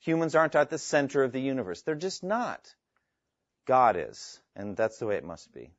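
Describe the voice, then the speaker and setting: A man's voice: medium pitch, sing-song, normal speed, no room sound, lo-fi sound. A man teaching the Bible to a live class, earnest and emphatic as he reads scripture aloud, explains it and takes questions.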